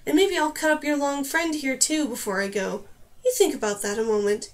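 A woman's voice: high-pitched, a little fast, natural voice. A woman putting on a sneering Stormwing monster queen. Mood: taunting. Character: cruel sneering female Stormwing queen, half-bird monster.

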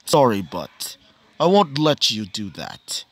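A man voicing a stern male god who rules calmly and firmly on a fight. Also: medium pitch, slow pace, slightly rough, pitched below the performer's own voice, exaggerated voice.

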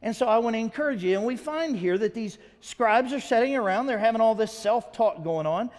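Male pastor, sermon, high animated voice, conversational rhetorical questions, long church reverb. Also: fairly quick. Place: church sanctuary.

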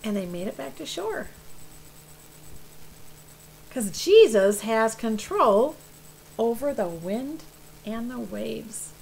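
Woman children's church teacher, slow, lively storyteller, slightly gravelly voice. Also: on the high side, low-quality recording. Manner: animated, drawn-out storyteller emphasis with questions to kids.

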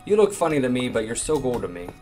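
A man giving let's play commentary, excitably talking to the game's items and swearing playfully. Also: medium pitch, fast, music in the background. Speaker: gaming YouTuber.

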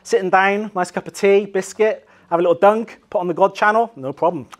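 A brisk sermon comes from a male pastor with an English accent, who goes from loud performed cries to quiet, low emphasis.

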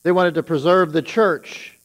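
A man's voice: on the high side, steady tone, a little slow, rough recording. A man who is a pastor, preaching a sermon and retelling scripture with rising emphasis on its warnings.

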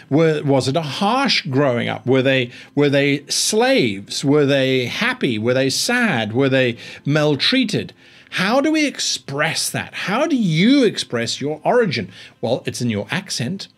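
A man giving a rambling, think-aloud tutorial on tabletop game mastering, with frequent restarts. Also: fairly high pitch.

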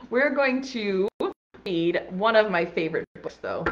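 A woman's voice: fairly high pitch, animated, moderate pace, lo-fi sound. A young woman teaching a virtual preschool class, playful and encouraging, praising children's guesses in a sing-song way.

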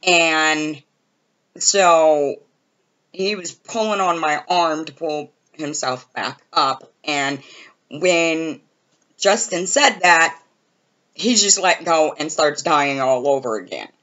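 A woman telling a casual storytime about a high school memory in an animated, exasperated way. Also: slow pace, highs cut off.

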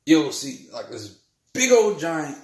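A man's voice: a little high, big pitch swings, slow, reverberant. A man, rambling through a heated spiritual monologue, repeating himself and ending his lines with "man". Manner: heated, repetitive, keeps saying "man" and "bull crap".

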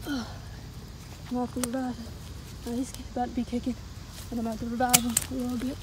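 A tired woman with a cracking voice, rambling excitedly in a casual outdoor fishing vlog by a pond, recorded on a handheld camera. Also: on the high side, fast, very noisy. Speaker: fishing vlogger. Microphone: handheld phone or action camera.

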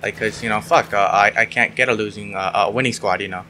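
A man's voice: fairly low pitch, fairly even intonation, quick pace, pushed and bright, a little hiss or hum. A young man commentating his online shooter match, sarcastic and swearing, yelping when things go wrong. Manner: sarcastic, swears often, yelps when frustrated. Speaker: gaming YouTuber. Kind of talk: casual gameplay commentary.

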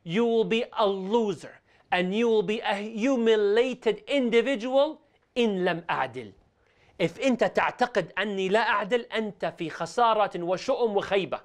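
A man's voice: high-pitched, fast. A man teaching a religious lesson as a sheikh, talking animatedly and switching between English and Arabic. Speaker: sheikh teaching Islamic stories.

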